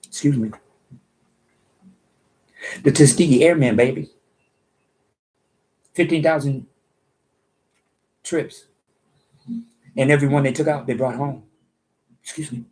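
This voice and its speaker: An American man giving a casual monologue commentary, preachy and boastful, who keeps repeating himself for emphasis. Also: medium pitch. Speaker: online commentator.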